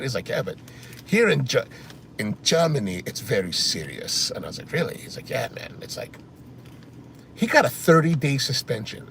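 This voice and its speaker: A man's voice: medium pitch, sing-song, quick pace, gravelly. A man chatting casually while driving, answering viewer comments and rambling through stories. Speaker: coffee vlogger. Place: inside a car on the highway. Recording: car interior with faint road noise.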